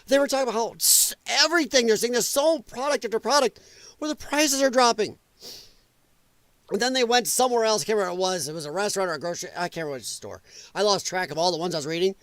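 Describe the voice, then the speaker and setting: A man's voice: high-pitched, a bit bright, no echo. A man hosting a political commentary stream, ranting casually, profane and mocking, with sarcastic asides and laughs at his own jokes. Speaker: political commentary show host. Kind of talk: casual political rant on a livestream.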